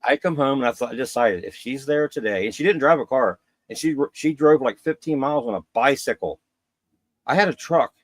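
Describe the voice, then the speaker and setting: An expressive middle-aged man talks a little fast, with no echo, as a podcast guest telling a personal story. He's candid and rambling, acting out other people's quotes in a raised pitch.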